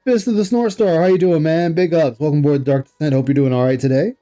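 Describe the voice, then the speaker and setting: Mellow-voiced man ranting on stream. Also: on the high side, fairly even intonation, fast, soft background music. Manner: rambling, incredulous, laughs often. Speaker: livestream host reacting to an interview. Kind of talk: casual commentary reading chat.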